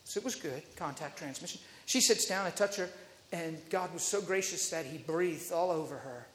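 Animated preacher telling a story. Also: male voice, fairly high pitch, moderate pace, reverberant, long reverb tail. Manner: animated, laughing, acting out voices. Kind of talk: sermon storytelling.

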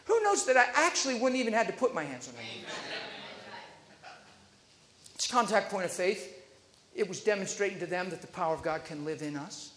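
Animated preacher telling a story. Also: male voice, high-pitched, fast, reverberant, in a large hall. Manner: animated, laughing, acting out voices. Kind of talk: sermon storytelling.

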